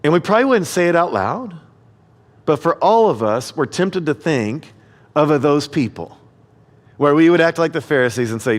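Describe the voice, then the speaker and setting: A man's voice: fairly high pitch, lively intonation, normal speed. Man preaching in an echoey church. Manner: storytelling with humor, acts out quotes. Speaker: guest preacher. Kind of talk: sermon.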